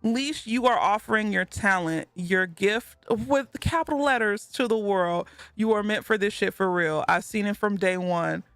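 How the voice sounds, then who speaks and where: A woman's voice: mid-range voice, moderate pace, hardly any pauses, fairly bright tone, no room sound, soft background music. A woman streaming live and reading chat messages aloud, talking in a casual way and laughing often.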